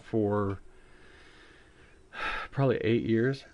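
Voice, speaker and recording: Gravelly low-voiced man streaming a game. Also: very slow, dull audio. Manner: rambling, thinking aloud while playing. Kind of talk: casual gameplay chat. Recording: game music loud behind voice. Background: game music.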